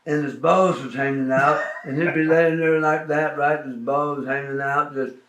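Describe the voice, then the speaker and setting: A man's voice: a little high, steady tone, normal speed, a bit bright, echoey room. A man in a casual shoot interview who tells folksy stories and keeps saying "right" as he listens. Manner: folksy storytelling, frequent "right" acknowledgements. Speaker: wrestling veteran interviewed.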